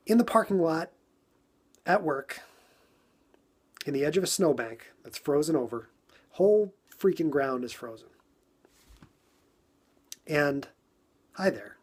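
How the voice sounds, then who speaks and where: A man's voice: a little high, a little mellow, husky. A man from New York telling a casual story on a phone livestream, acting out his own frustration with lots of repetition.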